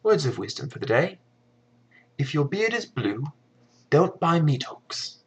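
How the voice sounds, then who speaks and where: A sarcastic storyteller with a lively voice. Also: mid-range voice, measured pace, muffled recording. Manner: sarcastic, deadpan asides. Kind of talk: comic fairy tale retelling.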